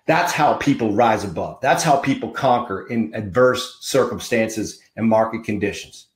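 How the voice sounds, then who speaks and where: A man's voice: medium pitch, a little mellow, reverberant. A man hosting a podcast, giving an emphatic, fired-up motivational monologue with punchy repetition. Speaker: podcast host.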